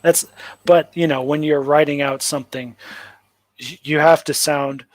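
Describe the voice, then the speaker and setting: A man's voice: fairly high pitch, steady tone, a little slow, no echo, low-quality recording. A man hosting a casual livestream, picking apart a notice with sarcastic, rambling commentary full of "like" fillers. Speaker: livestream host. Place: home livestream setup.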